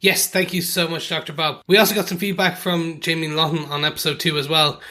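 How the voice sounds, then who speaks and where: A British man co-hosting a podcast, his voice bright and a touch higher than most men's. He reads listener feedback aloud and chats loosely, trailing into restarts as he goes. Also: little pitch movement, brisk. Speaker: podcast co-host. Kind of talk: casual chat.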